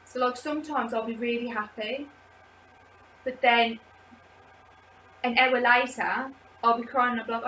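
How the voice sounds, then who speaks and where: A woman rambles chattily, with her voice sitting a little high. She is recorded from a distance in an echoey room with faint background noise. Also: fairly bright tone. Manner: chatty and rambling, many "like" fillers. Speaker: vlogger leading a support group video. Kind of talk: casual personal talk to camera. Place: indoors, seated.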